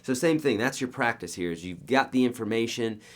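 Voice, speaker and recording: A man's voice: mid-range voice, expressive, brisk. A man teaching a beginner guitar lesson, coaching emphatically and counting beats aloud as he strums. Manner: coaching, emphatic, repeats okay and right.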